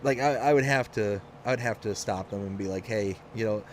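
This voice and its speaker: A man's voice: fairly low pitch, brisk, a little hiss or hum. A man from Michigan hosting a live game stream, chatting casually and rambling through stories with frequent restarts. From Michigan, USA.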